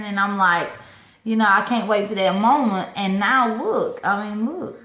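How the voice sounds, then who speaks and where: Chatty, excitable woman. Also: medium pitch, measured pace, roomy sound. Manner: excited, chatty, lots of "y'all" and "oh my God". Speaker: orchid-growing vlogger. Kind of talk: casual chat to camera.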